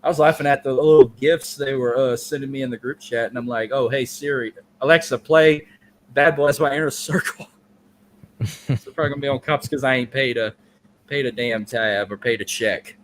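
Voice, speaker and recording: A man's voice: mid-range voice, fairly even intonation, brisk, a little hiss or hum. A man co-hosting a podcast, telling a long story in casual, profane, rambling chat. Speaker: podcast co-host.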